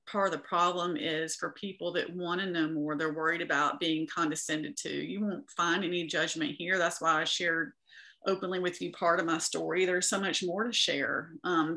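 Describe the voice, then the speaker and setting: A woman's voice: lowish voice, bright, forceful tone. A woman guest in an interview, sharing her faith story in an earnest, preaching manner.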